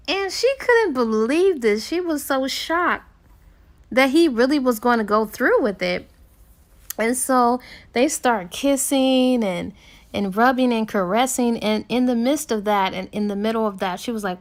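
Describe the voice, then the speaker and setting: A woman's voice: a little high, measured pace. A woman book reviewer retelling a novel's plot in a casual, chatty way with fillers and small laughs.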